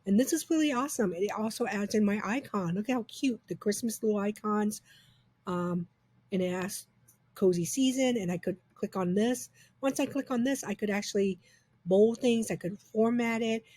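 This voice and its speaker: A woman reviewing software in an upbeat, chatty, enthusiastic way, walking through a screen demo. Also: medium pitch, normal speed, no echo.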